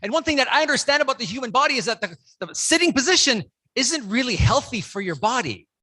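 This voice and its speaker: A keynote speaker at a conference who leads the audience through call-and-response and counts, breaking into loud shouts to rouse them. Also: medium pitch, big pitch swings, quick pace, husky. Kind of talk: motivational speech with audience participation. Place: conference room with a live audience.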